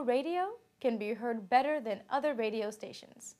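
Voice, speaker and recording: A woman giving scripted narration for a language course, reading example sentences slowly and evenly, then their translations. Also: a little high, animated, a little mellow.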